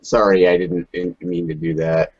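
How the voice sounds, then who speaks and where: A man's voice: low voice, little pitch movement, normal speed, no room sound, highs cut off. A man chatting casually in a group video call, offhand and teasing. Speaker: hangout participant.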